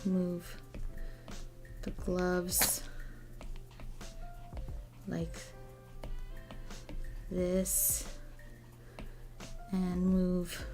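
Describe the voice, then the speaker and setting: A young woman chatting casually while she draws on a livestream, musing softly and now and then gushing thanks to viewers. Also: on the low side, music in the background. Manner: soft, musing and slow, bursting into excited gushing thanks. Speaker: artist streaming a drawing session.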